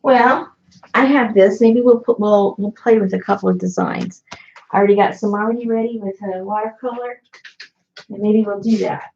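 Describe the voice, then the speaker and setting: A woman with a mid-pitched, gravelly voice hosts a casual crafting video. She rambles and mutters to herself as she digs through her supplies, standing in her craft room. The sound is slightly dull, with a faint hiss underneath. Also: fairly even intonation, normal speed, a little mellow. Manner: rambling, talks to herself while searching. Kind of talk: casual chat while crafting. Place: indoor craft room, standing near a speaker.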